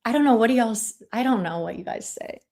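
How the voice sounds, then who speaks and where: A woman's voice: fairly high pitch, animated, fast talker, dark tone. A woman hosting a livestream, ranting in casual chat in a blunt, profane and combative way. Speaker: livestream host.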